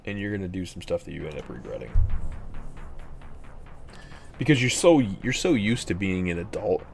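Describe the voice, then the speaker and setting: Casting: young male streamer, low voice, rambling exasperated storyteller, faint music underneath. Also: big pitch swings, fast talker, vocal fry, a little mellow. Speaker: gaming streamer. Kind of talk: casual chat while gaming.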